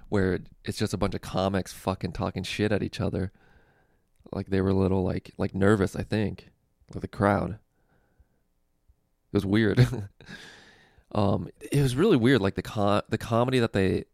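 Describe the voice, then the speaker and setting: A man's voice: fairly low pitch, creaky, a little mellow, no echo, studio quality. A young man casually telling a story with lots of fillers, swearing and laughter, hosting a comedy podcast. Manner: laid-back, profane, lots of fillers and laughs.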